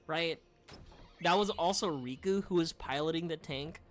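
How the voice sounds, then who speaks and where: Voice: mid-range voice, moderate pace, faint music behind. A game streamer chatting casually while playing, rambling with stammered restarts, crude slang and frequent laughter. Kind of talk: casual let's-play commentary while reading game dialogue.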